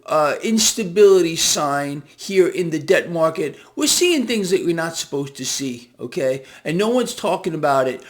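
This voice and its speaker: Male financial commentator, slightly higher-pitched, sardonic and emphatic, talks through allergies, casual solo monologue. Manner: emphatic, sardonic, repeats phrases, laughs at bad news.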